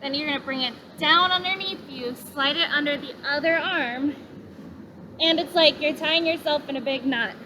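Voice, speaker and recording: A woman instructor gently guiding a parent and child yoga class, cueing breaths and poses with encouragement. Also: high voice, moderate pace, background noise. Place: outdoors in a park.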